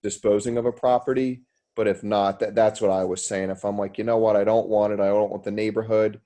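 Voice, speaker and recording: A house flipper talks through his thinking on a group call, measured and unhurried. His voice sits low and mellow with little rise and fall. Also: little pitch movement. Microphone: group call audio.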